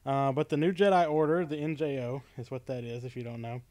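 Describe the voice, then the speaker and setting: A man's voice: mid-range voice, fairly even intonation, fairly quick, a little mellow, no room sound. A man hosting a casual livestream chat, talkative and laughing often, with plenty of ums. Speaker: podcast host. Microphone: webcam stream setup.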